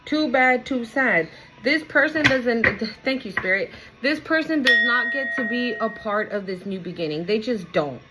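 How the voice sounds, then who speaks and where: A woman's voice: fairly high pitch, lively intonation, normal speed, over loud music, low-quality recording. A young woman giving a casual tarot reading, talking candidly, swearing freely and often repeating herself for emphasis. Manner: candid, chatty, swears freely, keeps checking in with "okay?". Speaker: tarot reader.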